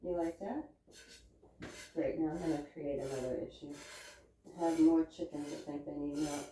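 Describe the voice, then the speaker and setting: A woman talks casually while she milks, slipping into soft, cooing baby talk with her animals. Her voice sits a little back from the mic in a roomy barn, with faint noise behind her. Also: sits low, flat delivery, fairly quick, recorded from a distance. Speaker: homesteader vlogger. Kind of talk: casual chat while milking.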